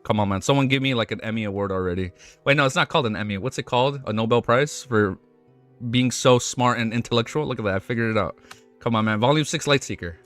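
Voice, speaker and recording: A young man streaming live, chatting casually with his audience, excitable and swearing often, tripping over his words and laughing. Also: medium pitch, fast talker, soft background music. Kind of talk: casual livestream chat.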